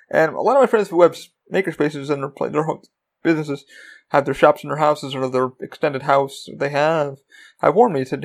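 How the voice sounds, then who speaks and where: Man, podcast host, gravelly, slightly high voice, rambling casual talk, swears. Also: moderate pace.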